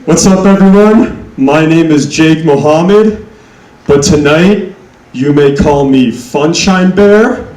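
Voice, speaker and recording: A young man works through a stand-up set at an unhurried pace, deadpan and self-mocking. He builds to loud punchlines. His voice sits a little high, and it comes from off the mic in an echoey room. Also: far from the mic. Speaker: stand-up comedian.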